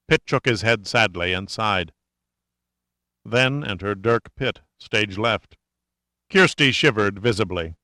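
A man narrating an audiobook in an even, measured storytelling manner. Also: lowish voice, no echo.

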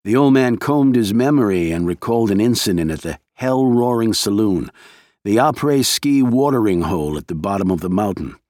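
Man, low voice, thriller narration, measured and steady, dry close sound. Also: no room sound. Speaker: audiobook narrator.

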